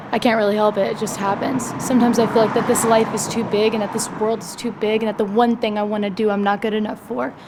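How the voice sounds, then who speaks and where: A woman's voice: fairly high pitch, noisy background, lightly acted. An acting student performing an intense, defiant monologue as a determined young woman who refuses to give up. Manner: defiant, intense, swears for emphasis. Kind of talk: rehearsed dramatic monologue.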